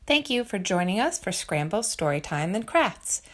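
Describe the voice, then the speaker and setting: A woman reading a children's story aloud for a shop's storytime, animated and expressive. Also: mid-range voice, normal speed. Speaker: storytime reader for a shop. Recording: long room reverb, faint ambient noise.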